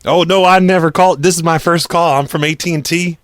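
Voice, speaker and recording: A man's voice: on the high side, fairly even intonation, fast, pitched above the performer's own voice, close to an everyday voice. A man voicing a fake phone-company customer service rep who stammers, bumbles and gets defensive.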